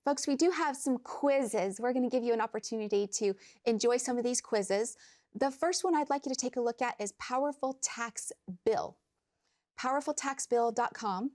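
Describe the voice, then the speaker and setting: A woman's voice: on the high side, a little mellow. Woman explaining finances step by step. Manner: measured, explains in plain steps. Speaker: financial advisor. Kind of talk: explanatory talk-show chat.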